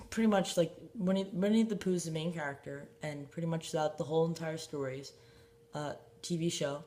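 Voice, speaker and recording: A man's voice: fairly high pitch, a little mellow. A man hosting his own show, talking in a rambling way with fillers, restarts and small laughs. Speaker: host. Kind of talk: casual solo show commentary.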